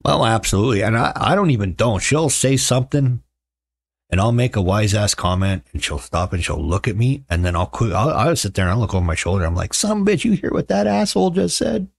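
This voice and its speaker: A man's voice: fairly low pitch, animated, fairly quick, no room sound, clean studio sound. A middle-aged man hosting a casual livestream, chatting with viewers in a sarcastic, joking way and telling stories. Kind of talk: casual chat.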